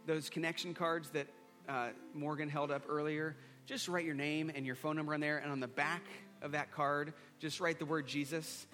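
A man preaching a sermon to a congregation, earnest and repeating a refrain as he leads an altar call and a line-by-line prayer. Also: a little high. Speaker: pastor. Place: church hall before a congregation. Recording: long hall reverb with soft guitar.

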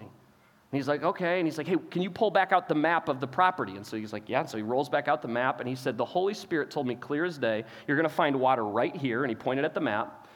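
A man's voice: fairly high pitch, fast. Man telling a story in a reverberant hall. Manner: animated storyteller, acts out dialogue, repeats words when starting phrases. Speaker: pastor. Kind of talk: sermon storytelling.

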